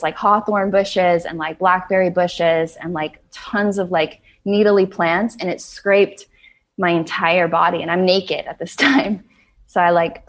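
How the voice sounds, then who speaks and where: A young woman telling a personal story in an earnest way, with many "like" fillers, acting out her own past words. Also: fairly low pitch.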